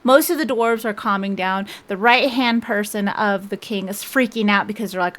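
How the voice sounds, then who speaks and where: A woman's voice: medium pitch, moderate pace, hardly any pauses, a bit bright. A woman book vlogger recapping a novel's plot in a rambling, casual way, full of fillers and restarts. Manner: rambling, chatty, frequent "like" and restarts.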